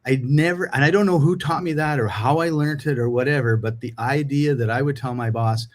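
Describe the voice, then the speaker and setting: Animated middle-aged man telling stories. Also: medium pitch, moderate pace, hardly any pauses. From Canada. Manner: animated storyteller acting out dialogue. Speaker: podcast co-host. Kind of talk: casual podcast chat.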